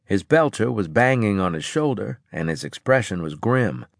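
Low-voiced man narrating an audiobook. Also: very animated, moderate pace, gravelly, dry recording, studio quality. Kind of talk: first-person audiobook narration.

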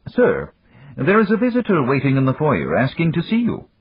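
A man's voice: fairly high pitch, wildly swooping pitch, normal speed, breathy edge, no echo, muffled recording, voice pushed up, exaggerated voice. A man doing a polite robot butler. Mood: formal.

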